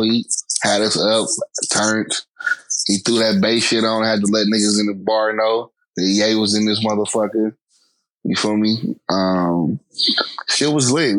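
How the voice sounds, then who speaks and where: Animated man telling a story, dry sound. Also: on the low side, dry recording, low-quality recording. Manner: animated, slangy, lots of profanity. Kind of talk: casual storytelling.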